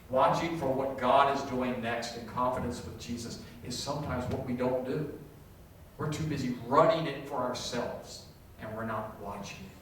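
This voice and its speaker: A middle-aged man preaching a sermon as pastor, animated and self-deprecating, acting out quoted voices. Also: mid-range voice, far from the mic, slight background noise. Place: church sanctuary. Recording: echoey hall, voice from off-mic.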